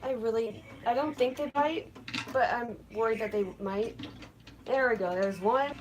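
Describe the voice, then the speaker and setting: High-voiced woman cursing at escaped crickets. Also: a little slow, background noise. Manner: frustrated, swearing, stammering restarts. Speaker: streamer. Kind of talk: casual live stream talk.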